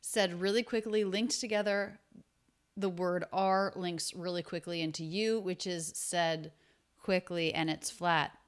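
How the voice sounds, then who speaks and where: A woman's voice: fairly low pitch, steady tone, smooth. Woman teaching English pronunciation. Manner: slow and deliberate, repeats sounds to show them. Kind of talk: explaining pronunciation from a film clip.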